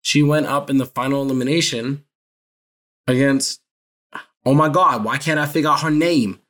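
A man's voice: medium pitch, steady tone, normal speed, a bit bright. A man chatting casually on a podcast, rambling and correcting himself as he talks. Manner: rambling, self-correcting, laughs often. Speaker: podcast co-host. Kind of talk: casual chat about a reality show.

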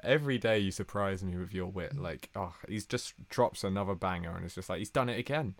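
Brief: deep-voiced young guy, podcast co-host, ribbing his partner. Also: a little fast, creaky. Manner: teasing, laughs often. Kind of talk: casual chat.

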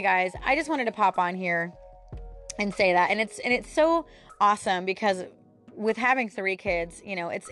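Woman, 30s, podcast host, casual chat, candid, middle pitch, faint background music. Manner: chatty and candid, with frequent fillers and laughs.

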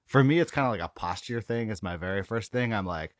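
A man's voice: on the low side, expressive, fast, no echo. A man hosting a casual interview, asking dry, joking follow-up questions. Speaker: podcast host.

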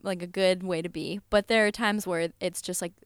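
Smooth, low-voiced young woman. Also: steady tone, normal speed, dry recording, clean studio sound. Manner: chatty, full of "like" fillers, swears and laughs easily. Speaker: podcast guest. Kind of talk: casual chat.

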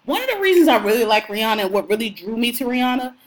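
A woman's voice: a little high, sing-song, very fast, low-quality recording. A young woman co-hosting a podcast, talking in an outspoken, slangy, profane way about music and celebrities. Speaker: podcast co-host. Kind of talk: casual podcast chat.

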